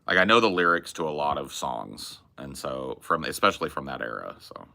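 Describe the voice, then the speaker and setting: A man's voice: extremely low pitch, very animated, a little fast, vocal fry, pushed and bright. A man in his forties chatting casually as a podcast host, rambling and laid-back, with plenty of casual swearing. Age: 40s. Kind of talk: casual chat.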